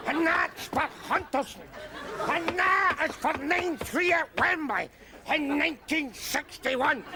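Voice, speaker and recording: A man's voice: extremely high pitch, full character voice. A middle-aged man with a broad Glaswegian accent, playing a brash, combative street philosopher who rants in mock-grand speeches in a TV sitcom. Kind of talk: sitcom acting. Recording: TV sitcom audio with background noise.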